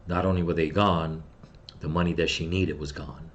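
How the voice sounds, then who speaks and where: A middle-aged man with a very deep voice speaks at a normal speed and a fairly even intonation, and the sound is lo-fi. Hosting his channel, he recounts a personal loss in grief before launching into a bitter, heavily profane rant at the people he blames, angry vlog style.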